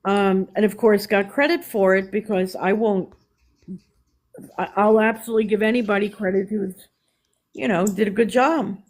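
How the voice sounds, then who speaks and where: A woman's voice: mid-range voice, fairly even intonation, moderate pace, darkish tone, rough recording. A woman with a New York accent hosting a live stream, talking candidly in casual chat with restarts. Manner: chatty, candid, with restarts and laughs.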